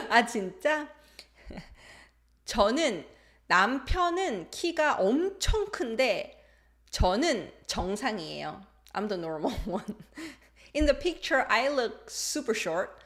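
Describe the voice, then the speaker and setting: A native Korean speaker with a medium-pitched voice teaches a playful live online language class, switching between English and Korean and reading viewers' comments aloud.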